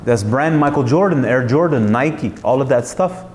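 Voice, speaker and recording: A man's voice: mid-range voice, lively intonation, normal speed, darkish tone, echoey room, slight background noise. A man hosting a talk, speaking in an emphatic, searching way, full of rhetorical questions and restarts. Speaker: host. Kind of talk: reflective monologue.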